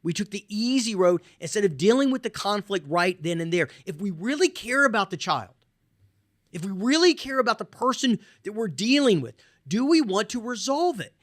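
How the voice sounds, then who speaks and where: Animated man giving casual advice talk. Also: high voice, moderate pace, no echo, clean studio sound. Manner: animated, repeats "right?" and "man". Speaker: podcast host.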